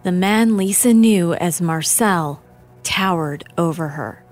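A woman narrating a true-crime story in a measured, grave way. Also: fairly low pitch, soft background music. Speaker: documentary narrator and interviewer.

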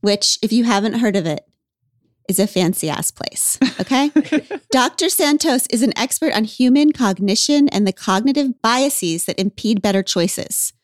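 A woman's voice: on the high side, expressive, normal speed, no echo, studio quality. A woman hosting a podcast in casual chat, wry and emphatic, laughing often. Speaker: podcast host.

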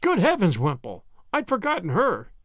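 A man's voice: high-pitched, huge pitch swings, moderate pace, a bit bright, no room sound, studio quality, full character voice. A man voicing a grim, urgent rescuer in a storybook reading.

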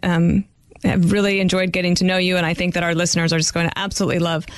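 A woman's voice: on the low side, little pitch movement, fast, clear, resonant tone, dry recording. Middle aged lady podcast host, chatty storyteller, dry close sound. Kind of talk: casual podcast interview.

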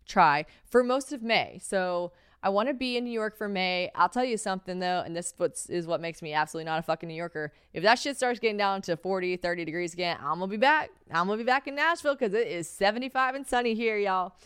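A woman's voice: mid-range voice, fast talker, few pauses, a bit bright, clear, resonant tone, dry recording, clean studio sound. A young woman hosting a podcast solo, chatty and profane, telling stories with lots of fillers and sounding worn out. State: tired. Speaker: podcast host.

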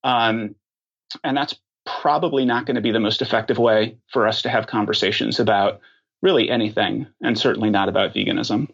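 A man answering questions as a podcast guest, talking thoughtfully and pausing often with ums and restarts. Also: on the low side, fairly even intonation, a bit bright, husky, dull audio. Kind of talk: conversational interview answers.

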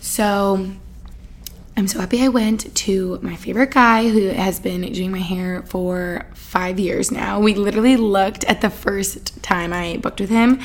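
A woman's voice: mid-range voice, steady tone, unhurried. A young woman hosting a podcast, chatting casually in a bubbly, rambling way, full of "like" and little laughs. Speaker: podcast host. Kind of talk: casual chat.

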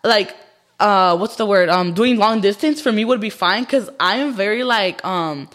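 A woman's voice: medium pitch, fairly bright tone. A young woman chatting casually as a podcast guest, slangy and blunt, switching between English and Spanish and filling her talk with "like" and "bro.". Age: young adult. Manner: fast, slangy, mixes Spanish into English, says "like" and "bro" constantly. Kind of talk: casual chat.

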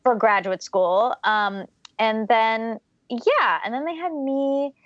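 A woman's voice: on the high side, takes it slowly, no room sound. A young woman from Georgia talks through her childhood as a podcast guest, reflective and chatty, often laughing. Her voice is recorded dry with a slightly dull, lo-fi sound. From Georgia, USA. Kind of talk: casual interview storytelling.

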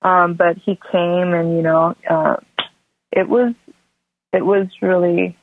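A woman's voice: on the low side, slow pace, dry recording. A woman in her thirties, a podcast guest, telling a birth story in casual chat and acting out her family's voices. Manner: animated, acts out family members' voices. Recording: tinny phone-line sound, dry.

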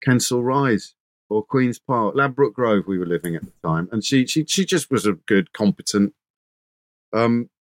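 A man spins an animated anecdote in a casual interview, restarting his sentences as he goes. His voice sits at a mid pitch. The recording is close and dry. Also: normal speed, no echo. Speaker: radio presenter, guest.

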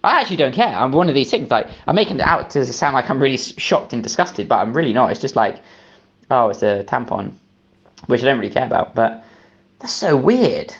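A man's voice: medium pitch, very animated, brisk, muffled recording. A British man telling a story in a mild, wry way, played from a recorded voice memo. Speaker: listener sending a story.

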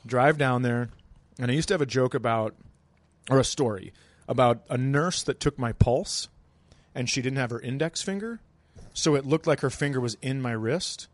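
A man's voice: medium pitch, moderate pace, no echo. A man casually telling a long anecdote in a laid-back, dry way, as a podcast guest. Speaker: stand-up comedian guest. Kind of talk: casual storytelling.

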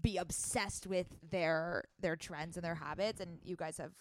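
A woman's voice: fairly low pitch, fairly even intonation, moderate pace. A young woman co-hosting a casual podcast, gushing and enthusiastic, swearing casually. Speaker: podcast co-host.

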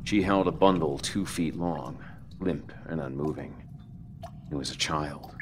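A man reading a horror story aloud in a measured, even storytelling manner for a podcast. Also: extremely low pitch, noisy background. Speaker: podcast narrator. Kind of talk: scripted horror narration.

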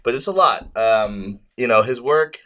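A man co-hosting a casual podcast, talking in a thoughtful, measured way and often hedging his opinions. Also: mid-range voice, lively intonation, a bit bright. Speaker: podcast co-host.

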